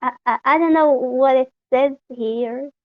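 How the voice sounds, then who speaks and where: A woman's voice: high-pitched, a little slow, highs cut off. A woman playing a tabletop game, chatting casually and giggling through her lines. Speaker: player.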